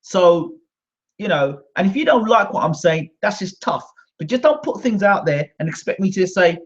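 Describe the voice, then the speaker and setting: British guy venting angrily at critics, highish voice, muffled low-fi audio. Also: lively intonation, moderate pace, slightly rough. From Britain. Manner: indignant and combative, repeats himself. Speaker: host. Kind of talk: ranting monologue to camera. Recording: dull lo-fi sound.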